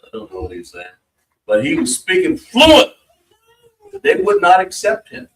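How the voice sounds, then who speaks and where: A man's voice: sits high, huge pitch swings, normal speed, fairly bright tone, roomy sound. A man at a religious meeting who tells a rambling story and often affirms the speaker. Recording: mic far off.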